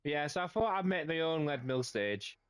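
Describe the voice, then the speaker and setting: A man's voice: a little high, very animated, normal speed, clean tone, no echo, studio quality. Chatty man streaming a game. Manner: chatty, indignant about local news. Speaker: streamer host. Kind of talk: casual chat while gaming.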